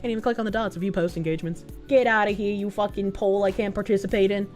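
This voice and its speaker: A woman's voice: medium pitch, steady tone, fast, a little mellow, faint music behind. A woman with a Boston accent, streaming and ranting casually in a blunt, profane way. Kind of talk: casual livestream commentary.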